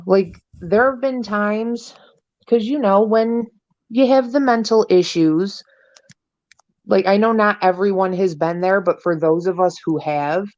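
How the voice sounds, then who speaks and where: A woman's voice: medium pitch, unhurried, a little mellow, highs cut off. A young adult woman co-hosting a casual chat podcast, talking bluntly and swearing freely. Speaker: podcast co-host.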